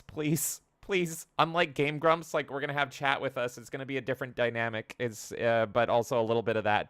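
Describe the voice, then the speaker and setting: A man's voice: medium pitch, fairly bright tone, smooth, no room sound, studio quality. A man co-hosting a gaming podcast in casual chat, jokingly reading out live chat comments. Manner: chatty, jokey, reads chat comments aloud. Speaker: podcast co-host.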